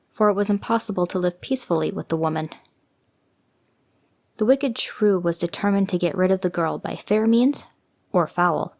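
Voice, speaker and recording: A woman telling a fairy tale in an expressive, gentle scripted reading. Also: on the low side. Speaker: storyteller.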